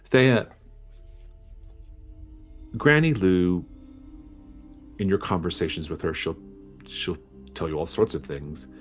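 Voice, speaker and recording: A man narrating as game master in a measured, descriptive storytelling manner. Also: very deep voice, fairly even intonation, soft background music.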